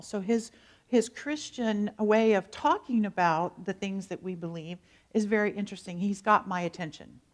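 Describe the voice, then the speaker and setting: An American woman minister giving a conversational sermon, telling stories and turning to the congregation with asides. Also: mid-range voice.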